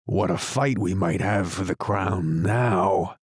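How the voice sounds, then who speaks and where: An eager, sly male unicorn who cries out his lines, as a male narrator puts him on. The voice sits low and dry, close to the mic, in a storybook reading. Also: husky, no room sound, heavily acted. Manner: eager, quick to cry out. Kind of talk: audiobook character reading.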